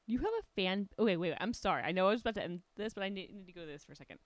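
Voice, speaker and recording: A woman hosting a casual interview, teasing and firing quick questions. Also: medium pitch, animated, no echo. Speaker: host.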